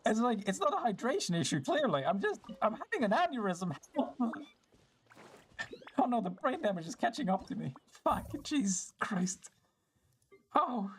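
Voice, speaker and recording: Goofy, animated game streamer. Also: medium pitch, measured pace, long pauses, slightly rough. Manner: goofy, self-mocking, rambling. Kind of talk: casual live-stream commentary.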